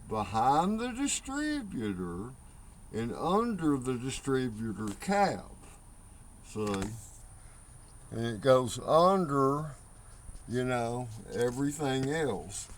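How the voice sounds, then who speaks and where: A man's voice: mid-range voice, big pitch swings, slow pace, pauses often, slight background noise. A man filming a casual how-to video while working on his truck engine, slightly out of breath and rambling as he points things out. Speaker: home mechanic.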